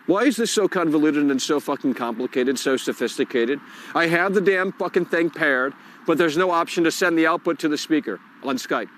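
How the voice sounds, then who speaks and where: A man's voice: on the high side, moderate pace, fairly bright tone, slight background noise. A man hosting a live call-in stream outdoors, swearing and muttering in frustration as he fixes his tech. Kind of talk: live-stream rant while fixing tech.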